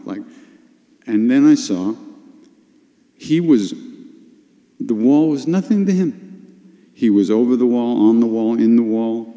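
Older man, retreat talk, slow, dark mellow voice, long hall reverb. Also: mid-range voice. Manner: unhurried, confessional, emotional storytelling with sudden animated bursts. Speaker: spiritual teacher at a retreat workshop. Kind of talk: storytelling talk.

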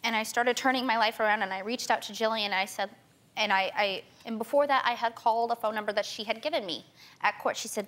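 A woman's voice: on the high side, a bit bright. A young woman in her twenties, a talk show guest, telling her story with urgency and frequent restarts. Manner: tearful, rushed storytelling with many restarts. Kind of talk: emotional talk show testimony.

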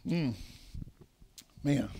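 A man preaching a sermon in a church, fervent, moving from hushed passages to shouting. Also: very slow, slight background noise. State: dry mouth. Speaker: pastor. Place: church sanctuary.

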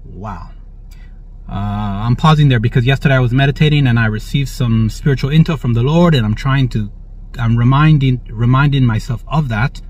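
The host, a man with a mid-range, darkish voice at a moderate pace, delivers prophetic religious commentary by reading the news aloud. His manner is jubilant, full of praise interjections and frequent "all right?" to listeners. The recording sounds dry, dull, and lo-fi.

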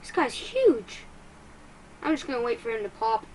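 High-voiced excitable woman gaming YouTuber. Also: slight background noise, rough recording. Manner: excitable, quick to frustration, self-mocking. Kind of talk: let's-play commentary.

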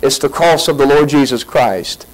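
A man preaching a sermon as pastor, folksy and animated, acting out quotes as he goes. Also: medium pitch, normal speed, rough recording. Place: church sanctuary.

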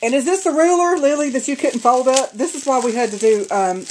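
A woman's voice: high-pitched, fairly quick, a little mellow, slight background noise, poor audio. A woman chatting through a casual unboxing vlog at home, gushing over craft supplies. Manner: gushing and chatty, addressing viewers as y'all. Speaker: crafter opening a swap box.

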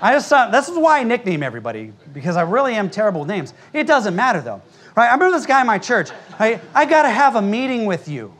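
A man's voice: high voice, very animated, fast talker, a bit bright, slightly rough. An American man, a pastor, preaching a sermon in church in a blunt, emphatic, conversational way, with frequent asides to the congregation. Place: church sanctuary before a congregation.

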